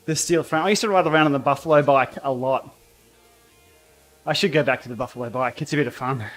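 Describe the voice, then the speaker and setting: A man hosting a casual cycling livestream from his home training room, blunt and outspoken, quick to laugh. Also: mid-range voice, fairly bright tone, soft background music. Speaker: cycling YouTuber and livestream host. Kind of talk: casual livestream chat while riding.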